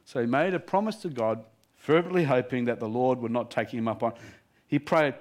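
A male preacher tells a story during a sermon in a lively, animated way, chuckling between lines. His voice sits a little higher than most men's. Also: a little fast.

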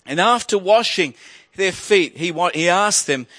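A male pastor preaching a sermon, swelling loud on key points and dropping low and slow while telling a story. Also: expressive, no room sound.

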